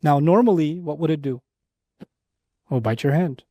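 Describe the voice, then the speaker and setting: Male Quran teacher, middle-aged, lecture sermon; lifted pitch, story-driven and emphatic. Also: no room sound, dull audio. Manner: animated storytelling with quick asides and repetitions.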